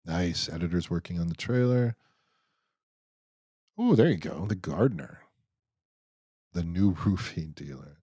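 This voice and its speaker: Deep, warm, and slightly rough, this man's voice is animated yet measured, with frequent pauses and no room sound. He hosts a live Q&A stream, casually reading out viewer comments and joking, rambling with many restarts.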